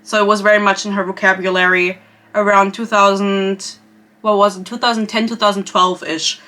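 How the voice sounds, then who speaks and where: A woman's voice: medium pitch, flat delivery, moderate pace, sharp tone. A young woman from Europe hosting a podcast, chatting in a gossipy, rambling way full of asides. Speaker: podcast host. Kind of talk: casual chat.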